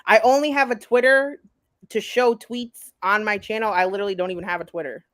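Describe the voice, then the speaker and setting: A woman in a commentary stream reads out chat messages and then fires back at them, indignant and profane. Her voice sits at an ordinary middle pitch. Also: fairly even intonation, brisk, fairly bright tone. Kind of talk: reading chat messages aloud and ranting back.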